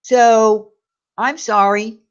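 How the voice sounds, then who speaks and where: A high-pitched woman vents her anger on her own channel, throwing out sarcastic questions and repeating names with indignation. The sound is muffled and lo-fi. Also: steady tone, drawn-out words, clean tone. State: angry. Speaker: YouTube commentary host. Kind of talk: angry ranting commentary.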